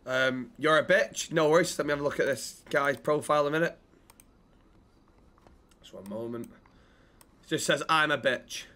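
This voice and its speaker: A man's voice: on the high side, moderate pace, long pauses, sharp tone. A man, casually bantering and joking while streaming a roleplay game. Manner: joking, sweary, chats to viewers. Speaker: streamer playing a roleplay character.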